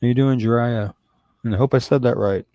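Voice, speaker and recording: A man from Kansas hosting a casual podcast live stream, easygoing and reading out viewer shout-outs. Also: mid-range voice, steady tone, a little fast, no room sound, dull audio. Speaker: podcast host.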